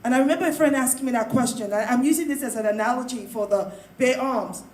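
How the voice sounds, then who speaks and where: A woman speaking in a panel discussion, loud and emphatic, often breaking into laughter. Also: fairly high pitch, fast. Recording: roomy, echoey sound.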